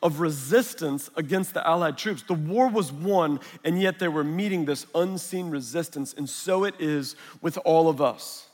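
A man's voice: on the high side, normal speed, few pauses, darkish tone. A man preaching a sermon, mixing chatty storytelling and humor with Scripture. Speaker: pastor. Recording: long reverb of a large hall.

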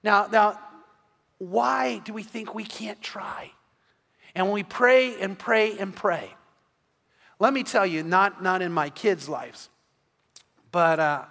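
A man's voice: high-pitched, bright, forceful tone. A man preaching an evening sermon, telling stories earnestly and often restarting his sentences. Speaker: pastor. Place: church sanctuary. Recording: long reverb of a church hall.

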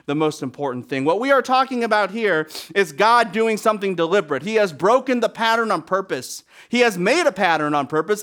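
A man preaching a sermon, swinging between loud emphatic bursts and hushed, near-whispered lines. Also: fairly high pitch.

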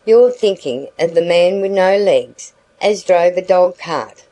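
A woman's voice: lowish voice, expressive, measured pace, mellow, low-quality recording. A woman voicing a placid older husband who talks soothingly in homely dialect, in an audiobook reading.

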